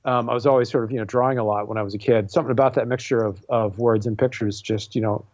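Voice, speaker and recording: A man's voice: medium pitch, fairly even intonation, fast, a little mellow, no echo, dull audio. A man in his forties, a comic book artist and writer guesting on an interview show, talking casually with many fillers and restarts. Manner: rambling, self-deprecating, many fillers and restarts.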